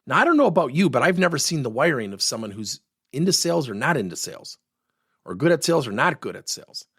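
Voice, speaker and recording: A middle-aged man, a workplace coach, teaching through an animated story and acting out the voices of the people in it. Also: medium pitch, fast, slightly rough, no echo, clean studio sound. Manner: animated, acts out the voices in his stories.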